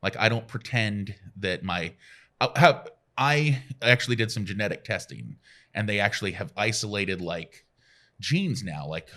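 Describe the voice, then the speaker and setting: A man in his forties, a radio guest telling self-deprecating stories in casual chat and acting out quotes with a jump in pitch. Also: expressive, moderate pace, sharp tone. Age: 40s.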